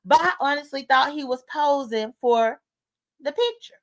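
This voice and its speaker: A woman hosting a casual livestream, commenting on drama and reading viewer comments aloud, animated and talking straight to her audience. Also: sits high, moderate pace, rough recording. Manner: animated, talks straight to viewers, rhetorical questions. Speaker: YouTube commentary host.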